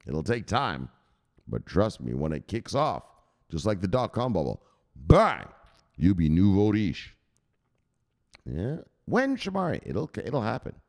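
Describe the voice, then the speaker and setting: Low-voiced guy hosting a crypto stream, swears a lot, big swings in pitch, echoey room. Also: huge pitch swings, unhurried. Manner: profane, hyped, shouts catchphrase "bang"; talks straight to viewers, gives shout-outs. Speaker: crypto news show host. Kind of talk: casual livestream commentary. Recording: echoey room with long reverb.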